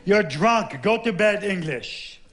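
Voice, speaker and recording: A man's voice: high-pitched, lively intonation, slow pace, fairly bright tone, heavily acted. A man voicing France as a sultry, aloof woman who teases and brushes off her suitor. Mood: dismissive. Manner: coy, dismissive, languid.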